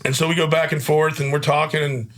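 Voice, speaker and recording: A man's voice: fairly high pitch, flat delivery, quick pace, a bit bright. A man hosting a casual chat, telling stories in an upbeat, chatty way and often asking "you know what I mean.". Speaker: podcast host.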